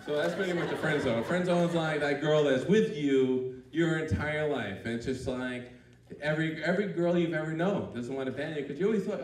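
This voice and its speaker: A man's voice: on the high side, brisk, a little hiss or hum. A man doing a crude, rambling stand-up comedy routine on a club stage, full of "like" fillers. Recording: roomy, distant mic in a club.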